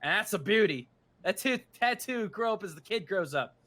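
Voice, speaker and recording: Man doing a mock British accent, boastful male tattoo artist, chummy sales patter, high bright voice. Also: animated, moderate pace, heavily acted.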